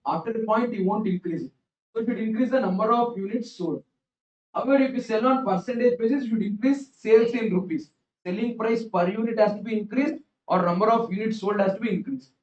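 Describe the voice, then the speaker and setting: A man teaching an exam revision class, telling stories in an animated way and repeating his phrases. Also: sits high. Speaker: accounts teacher. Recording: roomy, distant, dull classroom recording.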